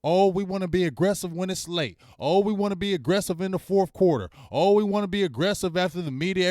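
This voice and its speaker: A man with a fairly high voice hosts a casual sports talk show. He hammers his points home with slang and repetition, and his voice sounds close and dry, with no room echo.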